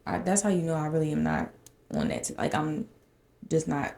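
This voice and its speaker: A woman's voice: low-pitched, huge pitch swings, moderate pace, gravelly, warm tone. A woman hosting her own podcast, telling a chatty, dramatic story and addressing listeners directly as y'all. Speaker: podcast host. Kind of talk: casual solo podcast storytelling.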